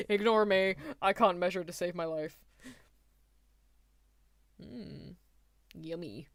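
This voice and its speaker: A woman's voice: lowish voice, takes it slowly. A woman streamer giving rambling, chatty reaction commentary, often laughing mid-sentence.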